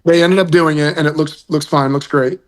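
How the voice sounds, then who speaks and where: A man's voice: on the high side, fairly even intonation, brisk, slight background noise. A man guest in casual chat, rambling and self-mocking as he tells a long story, sounding tired.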